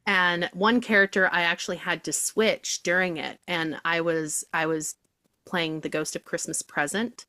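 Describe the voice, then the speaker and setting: A woman stage actress chatting in an interview, telling animated stories and now and then dropping into put-on accents. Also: on the low side, a little slow, clean tone, dry recording. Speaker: guest theatre actress. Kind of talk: casual interview chat.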